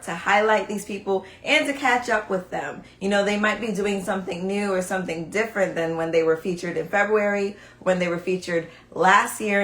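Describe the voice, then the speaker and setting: A woman's voice: mid-range voice, fairly bright tone. Earnest young New woman, echoey room. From Brooklyn, New York. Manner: earnest, emphatic, repeats key phrases. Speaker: host. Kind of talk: casual livestream talk. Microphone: phone.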